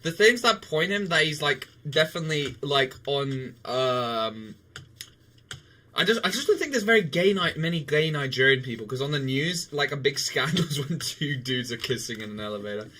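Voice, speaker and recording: A young man chatting on a live game stream. His voice is bright and sits a little high. He rambles loosely, restarts often and keeps breaking into laughter. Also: lively intonation, moderate pace. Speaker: livestreamer. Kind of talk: casual chat while gaming.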